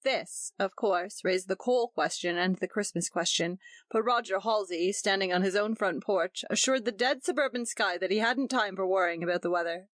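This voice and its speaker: Measured woman narrating a story. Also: medium pitch, no room sound, clean studio sound. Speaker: audiobook narrator. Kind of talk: scripted narration.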